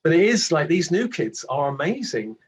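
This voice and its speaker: A British man in his sixties, a reflective guest telling his story with gentle self-deprecating asides. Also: fairly high pitch, sing-song, moderate pace, breathy edge. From Britain. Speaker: award recipient guest. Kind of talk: reflective casual conversation. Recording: dull muffled lo-fi audio.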